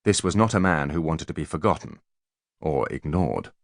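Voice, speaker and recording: Male audiobook reader, low voice, animated storytelling, dry booth. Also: normal speed, vocal fry, no room sound. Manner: expressive storytelling. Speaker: audiobook narrator. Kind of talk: scripted narration.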